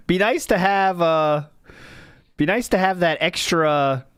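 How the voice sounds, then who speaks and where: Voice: mid-range voice, slow pace, smooth, no echo, studio quality. A podcast co-host who cuts in with sarcastic, teasing remarks. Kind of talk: casual podcast chat.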